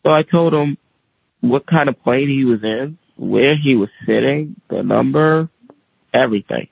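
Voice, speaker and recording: A man's voice: medium pitch, measured pace, gravelly, breathy edge, dry recording. A man telling his own story in a casual way, acting out other people's voices as he goes. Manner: animated, acts out quoted voices. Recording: tinny phone-like radio audio.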